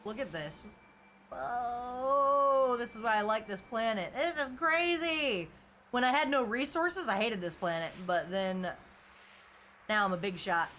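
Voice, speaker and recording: A woman's voice: on the high side, measured pace, fairly bright tone, a little hiss or hum. A woman game streamer in casual live-stream chat, reading viewer comments and rambling through stories with lots of "like" and "you know" and frequent laughs.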